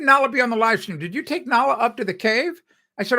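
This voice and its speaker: A man's voice: very high voice, quick pace, bright, forceful tone. An older man hosting a home improvement live stream, chatting casually and rambling, correcting himself and laughing often. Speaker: home improvement show host.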